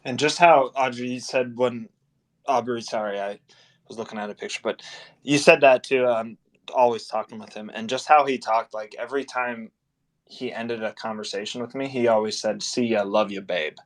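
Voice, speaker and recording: Guy chatting, mid-pitched voice, jokey and animated. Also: normal speed. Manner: animated, joking storyteller. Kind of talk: casual conversation.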